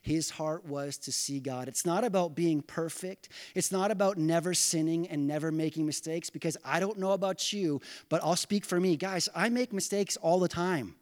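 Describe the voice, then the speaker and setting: A middle-aged man with a notably high voice preaches from the pulpit. He tells a personal story in an earnest, conversational way and turns aside to speak directly to his congregation. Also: moderate pace, hardly any pauses, darkish tone. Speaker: pastor. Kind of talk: sermon.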